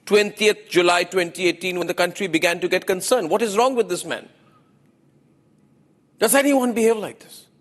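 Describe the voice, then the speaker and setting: A man's voice: high voice, moderate pace, in a large hall. A man with an Indian English accent, delivering an opinionated TV news monologue as anchor, emphatic and repeating phrases for effect.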